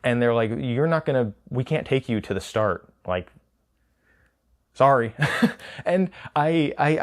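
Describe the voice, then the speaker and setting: A man with children, recapping a hard trail race in a casual, rambling way, stumbling and restarting often and laughing between thoughts. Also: medium pitch. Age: adult with children.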